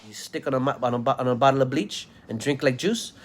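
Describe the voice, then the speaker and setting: A political commentator rants angrily to camera in a vlog monologue, scornful and insulting toward his listeners. His voice is medium-pitched and he speaks quickly.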